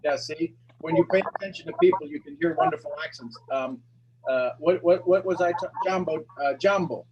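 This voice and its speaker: Energetic man coaching callers, faint hiss. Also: fairly high pitch, fairly quick, muffled recording. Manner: energetic, encouraging, talks to the audience directly. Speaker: coaching show host. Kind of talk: motivational coaching call.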